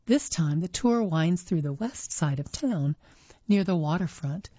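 A woman reading magazine articles aloud in an unpolished way, correcting herself and pausing with fillers, on a dull lo-fi recording. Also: fairly low pitch, expressive, dark tone, slightly rough, no room sound.

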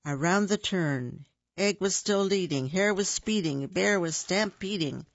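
A storyteller reading a children's picture book aloud in a slow, rhythmic, sing-song way. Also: medium pitch, no echo, dull audio.

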